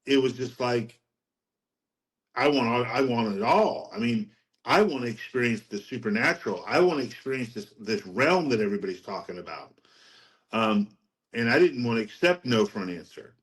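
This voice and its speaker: A middle-aged man, a podcast guest, telling his faith story in a rambling, animated way and laughing at his own anecdotes. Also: medium pitch, normal speed, rough recording. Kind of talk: casual testimony storytelling.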